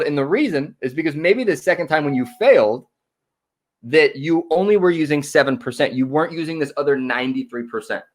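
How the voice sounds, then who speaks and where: A man with a somewhat high voice for his sex presents a motivational workshop on connection. He keeps checking in with "right?" and acts out brief exchanges to make his points. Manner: tags nearly every sentence with "right?"; acts out small dialogues in shifting voices.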